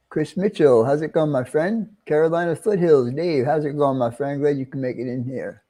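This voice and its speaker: Middle-aged New York man, casual livestream host, slightly high mellow voice, friendly and chatty. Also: moderate pace. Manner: chatty, greeting viewers one by one, chuckling.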